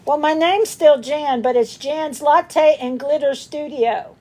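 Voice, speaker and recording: Chatty lady hosting a craft stream, kinda high voice, rambles along slow, laughs a lot. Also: mellow. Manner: chatty, rambling, greets viewers by name; laughs often. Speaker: craft livestream host. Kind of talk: casual livestream chat.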